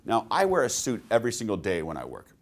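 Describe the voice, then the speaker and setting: A man's voice: fairly low pitch, huge pitch swings, fast. A man presenting a sales training webinar, telling personal anecdotes and asking his listeners rhetorical questions.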